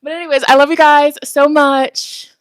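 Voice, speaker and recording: With a high voice, flat delivery and normal speed, a tarot reader and spiritual host chats with livestream viewers as she walks around at home. She's out of breath, giggly and talkative, speaking right into a phone microphone held close, and the recording is dry.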